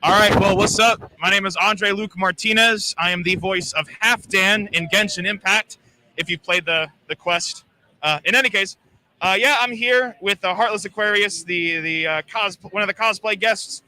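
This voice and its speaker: A man's voice: sits high, normal speed, bright, forceful tone. A man who works as a voice actor, chatting in a laid-back, easygoing way as a guest on a live interview at a gaming expo. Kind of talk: casual interview chat.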